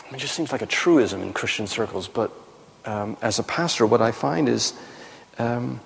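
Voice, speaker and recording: A pastor teaches in a relaxed, conversational way, full of ums and restarts. His voice sits at a mid pitch. Long reverb from a large hall trails each phrase. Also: creaky, a little hiss or hum. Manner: conversational, frequent fillers and self-corrections. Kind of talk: teaching sermon.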